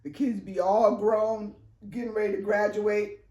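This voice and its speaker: A middle-aged woman co-hosting a food chat, relaxed and chiming in with agreement. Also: mid-range voice, measured pace, lo-fi sound. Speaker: mukbang co-host, mother. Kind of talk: casual chat. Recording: echoey room with background chatter.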